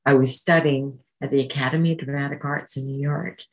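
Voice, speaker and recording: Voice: mid-range voice, fairly even intonation, brisk, low-quality recording. A speaker from Canada gives an emotional personal testimony at a recovery meeting, acting out remembered voices while telling the story.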